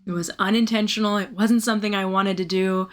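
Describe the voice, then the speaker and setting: A woman co-hosting a faith podcast, telling a personal story with animated, self-mocking humor and frequent laughter. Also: medium pitch, brisk. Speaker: podcast co-host. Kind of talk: candid faith conversation.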